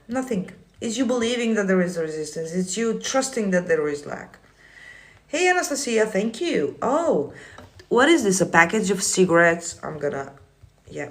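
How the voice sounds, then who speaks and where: On a casual livestream, a manifestation coach with a medium-pitched voice reads out viewer comments and responds bluntly, swearing and teasing as she goes.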